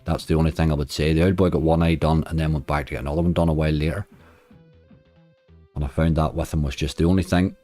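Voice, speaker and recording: Male streamer, very low voice, easygoing chat with viewers, soft slot music behind. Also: fairly even intonation, fast. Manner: chatty, answers viewers' chat comments. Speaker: slots streamer. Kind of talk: casual livestream chat.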